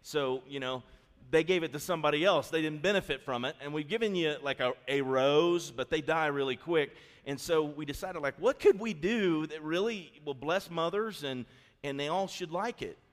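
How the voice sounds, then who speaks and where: A middle-aged man preaching a sermon in a church, telling an animated, folksy story before softening into an earnest appeal. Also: on the high side, normal speed. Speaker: pastor. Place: church sanctuary. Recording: long reverb of a church hall.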